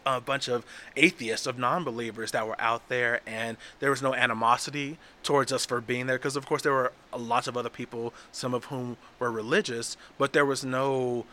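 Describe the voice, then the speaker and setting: A man's voice: mid-range voice, little pitch movement, moderate pace, hardly any pauses, pushed and bright. A man from Texas talking casually and earnestly as a podcast guest, with frequent restarts.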